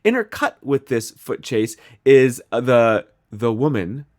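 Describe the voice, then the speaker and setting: Midwestern American man, podcast co-host, rambling chatty recap with many fillers, mid-pitched. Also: very animated, measured pace, a little mellow. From Midwestern United States. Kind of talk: casual podcast episode recap.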